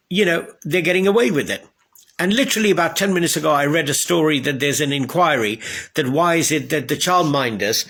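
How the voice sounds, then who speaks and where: A man ranting about politics in a heated, sarcastic way, firing off rhetorical questions. His voice is gravelly and husky and sits a little high for a man. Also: a bit bright. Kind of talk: angry political rant.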